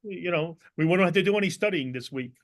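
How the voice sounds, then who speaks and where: A man's voice: fairly high pitch, quick pace. A man co-hosting a casual podcast, talking hesitantly with many fillers. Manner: hesitant, many ums and you-knows. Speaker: podcast co-host.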